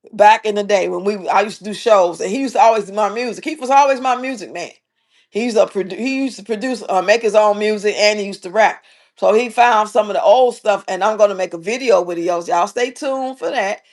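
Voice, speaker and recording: A middle-aged woman hosting a casual livestream, chatting playfully and reading viewers' comments aloud. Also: medium pitch. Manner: lively, playful, talks straight to viewers. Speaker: livestream host.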